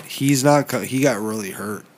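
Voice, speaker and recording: A young man co-hosting a podcast, chatting casually and excitedly, swearing a lot. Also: mid-range voice, moderate pace. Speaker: podcast co-host. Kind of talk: casual chat.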